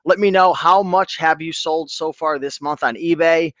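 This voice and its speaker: A man hosting a casual livestream about online reselling, upbeat and chatty, giving shout-outs to viewers. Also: on the high side, normal speed, no room sound.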